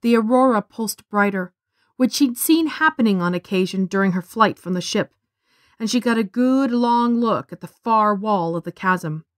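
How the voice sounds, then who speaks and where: A woman's voice: mid-range voice, moderate pace, no echo. Woman narrating a story, dry close sound. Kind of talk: scripted narration.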